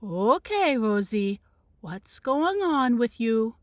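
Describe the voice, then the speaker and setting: A woman voicing a calm, blunt old grandmother in a storybook read-aloud, speaking in plain, broken phrases as she coaxes. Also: a little high, takes it slowly, no room sound, studio quality. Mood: coaxing.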